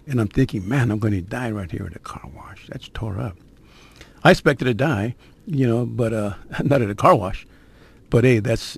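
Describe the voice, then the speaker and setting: An older man tells his conversion story in a gravelly, husky voice, recorded dry and close. He keeps it conversational and streetwise and builds suspense with little asides to the listener. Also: mid-range voice, dark tone, no room sound. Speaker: guest sharing his conversion testimony. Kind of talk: personal testimony storytelling.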